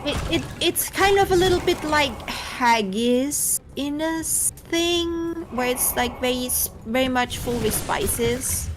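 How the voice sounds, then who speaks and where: A woman from Austria speaks with an Austrian German accent, chatting on a game stream in a somewhat high voice. She is blunt and teasing and laughs easily. Clear background noise runs beneath her voice. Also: takes it slowly, hardly any pauses. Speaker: guest streamer. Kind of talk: casual chat while gaming.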